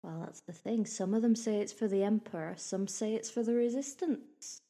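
A woman's voice: mid-range voice, moderate pace, mellow, close to an everyday voice. A woman voicing a chatty, nosy female clerk at an institute, with homely, gossipy phrasing.

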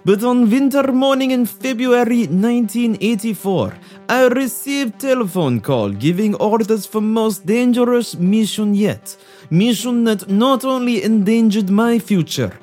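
A solemn male KGB agent, as a man puts him on narrates his mission in a put-on Russian accent, dropping articles as he goes. He delivers it slowly and dramatically, like a spy thriller voice-over. His pitch rises and falls widely. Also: a little mellow. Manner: slow, dramatic, halting.

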